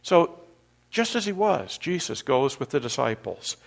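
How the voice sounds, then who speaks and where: A middle-aged man from Canada preaching a sermon, an animated storyteller who acts out panicked scenes loudly. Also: mid-range voice, measured pace, vocal fry. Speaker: pastor.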